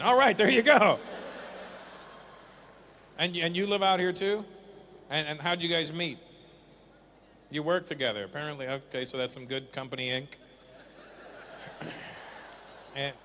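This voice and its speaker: Middle-aged guy comic roasting the crowd, bright forceful voice, faint room noise under it. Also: on the high side. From Canada. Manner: teasing, quick back-and-forth with audience. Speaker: stand-up comedian. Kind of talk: stand-up crowd work.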